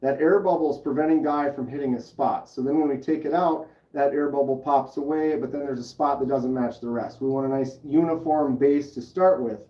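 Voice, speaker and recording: A man's voice: mid-range voice, fairly even intonation, brisk, hardly any pauses, dark tone, reverberant, recorded from a distance, highs cut off. A man hosting a casual livestream at home, chattily explaining each step and answering the chat aloud. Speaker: livestream host.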